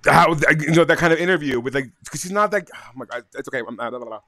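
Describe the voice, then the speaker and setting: A man co-hosting a casual podcast chat over a video call, sassy, excitable and swearing freely. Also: fairly high pitch, quick pace. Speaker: podcast co-host. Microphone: computer microphone on a video call.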